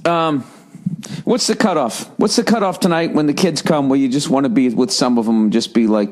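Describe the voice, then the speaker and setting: A man's voice: medium pitch, lively intonation, normal speed, a little mellow. A man in his forties hosting a solo podcast, ranting in a rambling, profane way and mocking people with put-on voices. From United States. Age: 40s. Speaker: podcast host.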